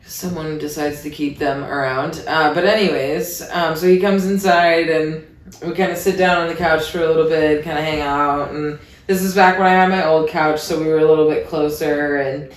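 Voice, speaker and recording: A woman's voice: low-pitched, fairly even intonation, normal speed. A woman from Iowa hosting a podcast, telling a candid story in a chatty, casual way with wry asides. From Iowa, USA. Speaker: podcast host. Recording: roomy echo.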